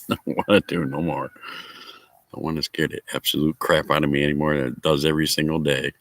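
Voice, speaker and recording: A man's voice: extremely low pitch, level tone, a little fast, fairly bright tone, no room sound, poor audio. A man chatting casually with viewers outdoors at a picnic table, telling a rambling story and chuckling often. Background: faint outdoor ambience, dogs nearby.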